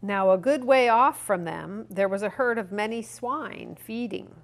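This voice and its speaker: A woman reading scripture aloud in a steady, measured way during a Bible study. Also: medium pitch. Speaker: scripture reader.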